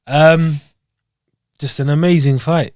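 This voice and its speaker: A young man co-hosting a podcast, chatting casually and explaining fight results in an animated way. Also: a little high, takes it slowly, dry recording, clean studio sound. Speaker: podcast co-host. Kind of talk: casual chat.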